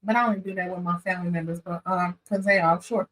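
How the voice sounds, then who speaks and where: A woman, chatting casually as she recaps a reality show, animated and opinionated, talking straight to her viewers. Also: fairly low pitch, quick pace, low-quality recording. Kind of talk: casual chat.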